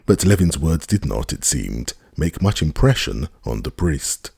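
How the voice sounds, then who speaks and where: Very deep, gravelly audiobook narrator. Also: male voice, big pitch swings, measured pace, darkish tone.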